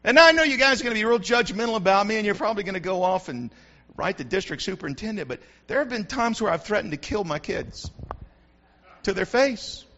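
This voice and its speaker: A man preaching a sermon as a pastor, building to shouts and calling out to the congregation. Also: high-pitched, animated, a little fast. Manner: preaching with rising shouts and call-and-response. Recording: dull lo-fi recording.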